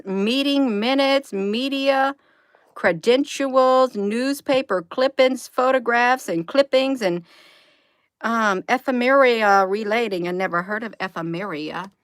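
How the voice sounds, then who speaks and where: A woman's voice: fairly high pitch, dry recording, clean studio sound. A woman hosting a casual livestream, rambling through documents, giggling and talking straight to her viewers. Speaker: livestream host.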